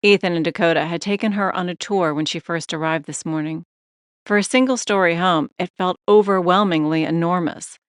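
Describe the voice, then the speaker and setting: A woman reads an audiobook narration in a steady, measured way. Her voice sits on the low side, recorded close and dry with no room sound at all. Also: clear, resonant tone, no echo. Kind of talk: scripted narration.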